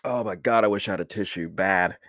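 A man's voice: low voice, a little fast, a bit bright, no room sound, clean studio sound. A man hosting a casual comedy podcast, loose and slangy, laughing so hard he is in tears as he talks. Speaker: podcast host.

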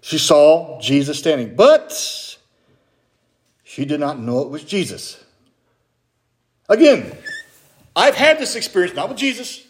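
Male pastor preaching, middle-aged, fairly high voice, chatty questions to the congregation, echoey church room. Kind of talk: sermon.

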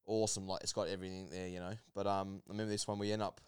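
A man telling a long story in casual chat, animated, laughing often and full of fillers. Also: low-pitched, racing, clean tone. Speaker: podcast guest.

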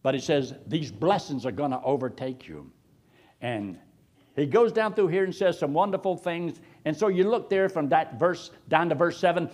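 A middle-aged man preaching a sermon in an animated cadence that swoops and rises suddenly. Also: a little high, normal speed.

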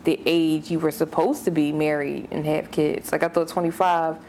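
A woman in her late twenties co-hosting a casual chat, rambling and relaxed with lots of fillers. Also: low voice, normal speed, slight background noise. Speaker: podcast co-host.

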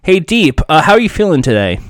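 Lively, slightly high-voiced man bantering. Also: fast, dry recording, clean studio sound. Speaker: podcast co-host. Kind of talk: comedy podcast banter.

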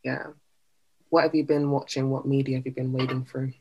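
A young adult student studying abroad in casual chat, bubbly and enthusiastic with quick laughs. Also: mid-range voice, little pitch movement, breathy edge, highs cut off.

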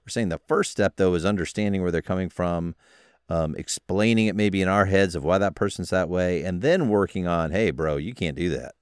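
A man's voice: low voice, fairly even intonation, fairly quick, smooth, dry recording, clean studio sound. A middle-aged man hosting a podcast, talking in a preachy, fatherly way. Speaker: host. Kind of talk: casual podcast interview.

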